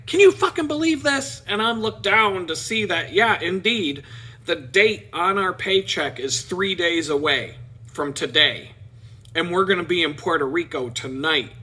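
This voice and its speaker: Bright, husky middle-aged storyteller man. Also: on the high side. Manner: animated, playful, mimics people in quotes. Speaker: vlogger. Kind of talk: personal storytelling.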